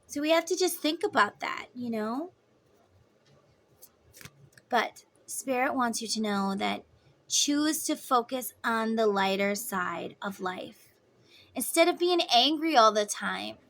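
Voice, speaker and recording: A woman in her thirties giving a casual tarot reading, chatty and motherly, guiding the listener through slow breathing. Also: a little high, lively intonation, fairly bright tone. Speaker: tarot reader.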